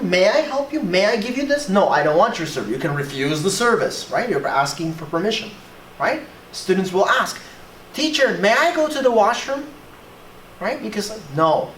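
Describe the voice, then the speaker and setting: An animated teacher leads a classroom lesson, the pitch rising and falling constantly. The voice keeps checking in with the students. It sits at a distance from the mic in a reverberant room. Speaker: English teacher. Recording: echoey room, voice from far off, faint hiss.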